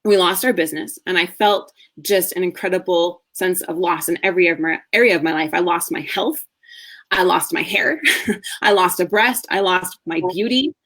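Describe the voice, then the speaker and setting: A woman in her thirties, a marriage coach, telling a candid personal story in a masterclass with earnest warmth and the odd soft laugh. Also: on the low side, moderate pace. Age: 30s.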